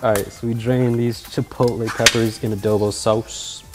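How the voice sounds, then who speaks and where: A man narrates his own cooking in a loose, joking vlog style, his voice sitting at an ordinary middle pitch. He pokes fun at himself and breaks into loud, startled yelps now and then. Faint music plays underneath. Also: level tone, moderate pace. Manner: joking, self-mocking, with loud startled outbursts. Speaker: cooking video host.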